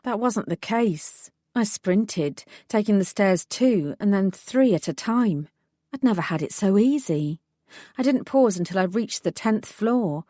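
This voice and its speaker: A woman's voice: mid-range voice, expressive, warm tone, no room sound, studio quality. Woman narrating a wry audiobook. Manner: measured, wry storytelling. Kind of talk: scripted first-person narration.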